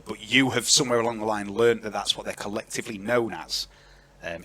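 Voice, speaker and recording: A man narrating as game master of a tabletop game, chatty and lively, on an online voice call. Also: lowish voice, slightly rough. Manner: lively, chatty, filler-heavy.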